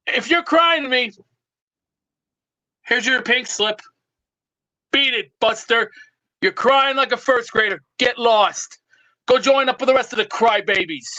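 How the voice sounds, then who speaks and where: Man, very high voice, bright, blustering drill-sergeant rant, call-in show regular. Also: a little slow, pauses often, rough recording. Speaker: regular caller. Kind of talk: ranting call-in bit.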